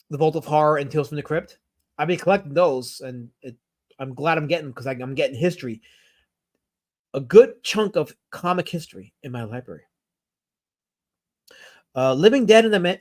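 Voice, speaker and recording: A man with a voice on the high side, slightly mellow, hosts a casual live stream. He reads viewer comments and rambles enthusiastically, with plenty of fillers and self-corrections.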